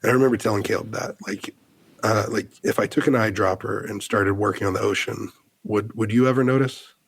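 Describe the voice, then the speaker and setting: An American man in his thirties, a podcast guest, telling a personal story in an earnest, halting way, full of fillers and restarts. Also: lowish voice, steady tone, gravelly, slight background noise. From United States.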